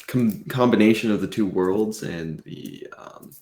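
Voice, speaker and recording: A man's voice: on the low side, unhurried, darkish tone, reverberant. A man chatting as a player, amused and rambling a little. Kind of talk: casual chat.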